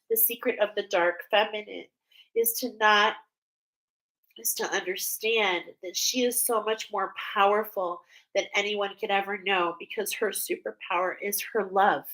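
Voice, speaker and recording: A woman reading oracle cards for her viewers, speaking softly, emotional and tearful at times. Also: medium pitch, rough recording. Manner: emotional, tearful, soft-spoken. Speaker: oracle card reader. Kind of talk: spiritual card reading vlog.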